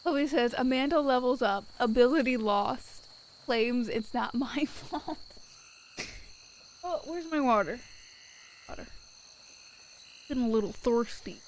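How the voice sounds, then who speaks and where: A woman's voice: fairly high pitch, slow pace, long pauses, a little hiss or hum, poor audio. Casually swearing woman streamer chatting. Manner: swears freely, rambling with filler words. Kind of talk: casual live-stream chat, reading viewer messages. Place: at her desk at home.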